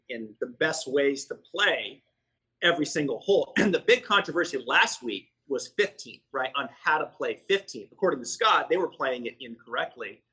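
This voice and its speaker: Male golf podcast host; bright, tense voice with some rasp, relaxed conversational delivery. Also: mid-range voice, rough recording. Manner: conversational, frequent fillers and self-corrections. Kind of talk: casual podcast chat.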